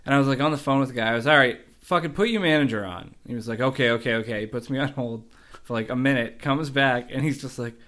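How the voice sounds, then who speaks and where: A man's voice: medium pitch, fast talker, fairly bright tone. A man in casual chat telling a profane story with laughs.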